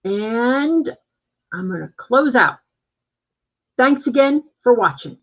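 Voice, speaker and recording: A man's voice: very high-pitched, sing-song, slow pace. A man working as a real estate agent, chatting casually on a live stream from home and rambling with plenty of fillers and restarts. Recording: dull lo-fi live-stream audio.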